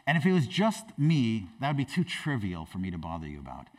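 A pastor voicing a brave young queen who speaks in a soft, hushed, earnest way. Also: fairly low pitch, wildly swooping pitch, a little fast, distant mic, pitched below the performer's own voice. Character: brave young queen, woman, pleading calmly.

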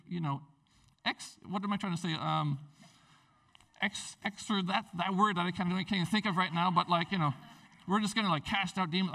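A tired male pastor preaching with animated, rambling energy, his voice bright and edged with gravel. His pitch sits a little high and leaps up to stress a point. He sounds somewhat distant from the microphone. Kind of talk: sermon.

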